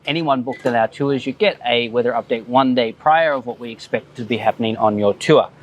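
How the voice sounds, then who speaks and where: A man's voice: mid-range voice, brisk. A man co-hosting a casual local news show, dryly moving things along between segments. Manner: dry, steering the segments. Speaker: co-host.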